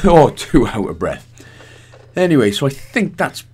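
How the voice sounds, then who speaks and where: A man's voice: medium pitch, big pitch swings, a little slow, a little mellow, breathy edge. Chatty Welsh man narrating a game guide. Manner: chatty, rambling, self-mocking. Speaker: gaming guide host. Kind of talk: casual walkthrough commentary.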